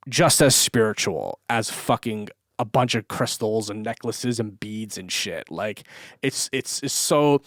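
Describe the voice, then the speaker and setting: A man's voice: medium pitch, no room sound, clean studio sound. A man telling a story in a loose, rambling podcast monologue, swearing often and full of fillers. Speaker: podcast host. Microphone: camera mic.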